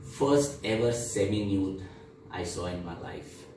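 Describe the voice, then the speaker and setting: An actor playing a young man who fondly recalls crude childhood discoveries, speaking in slow, reflective storytelling. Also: low voice, darkish tone, slight background noise. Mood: wry nostalgic. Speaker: stage actor. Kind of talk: theatrical monologue. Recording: echoey room, mic far off.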